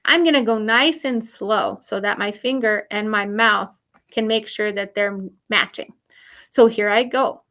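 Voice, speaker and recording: A woman's voice: mid-range voice, unhurried, fairly bright tone. A woman music teacher giving a recorded online lesson for young children, explaining each step in an upbeat, encouraging way.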